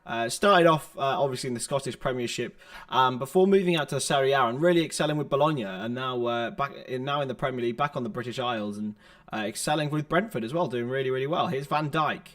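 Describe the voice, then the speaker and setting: A man's voice: mid-range voice, quick pace, fairly bright tone. A young man hosting a livestream, giving running football play-by-play with chatty asides to viewers on a laptop's built-in microphone. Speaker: livestream watchalong host. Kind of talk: live football play-by-play commentary.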